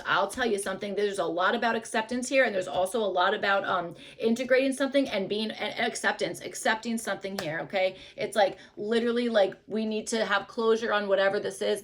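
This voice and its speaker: A woman gives a casual tarot reading to camera in a medium-pitched voice. She rambles loosely, leaning on fillers and hedges, and now and then drops into soft murmurs.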